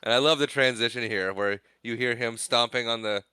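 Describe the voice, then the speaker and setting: A man's voice: mid-range voice, fairly quick, clear, resonant tone, dry recording, studio quality. A man co-hosting a casual movie podcast, retelling scenes and acting out lines in playful voices. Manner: animated, acts out movie lines in silly voices. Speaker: podcast co-host.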